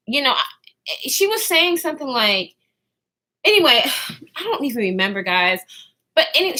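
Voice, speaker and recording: A woman's voice: high voice, sharp tone. A woman in her twenties telling a story to her viewers in a casual, slangy way, swearing freely and often trailing off to restart.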